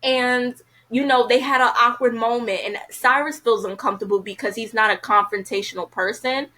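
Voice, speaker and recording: Woman reviewer, casual and outspoken, bright tone, lots of fillers. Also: fairly high pitch, steady tone, moderate pace, low-quality recording. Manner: chatty, frank, heavy use of "you know" fillers. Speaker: TV episode reviewer.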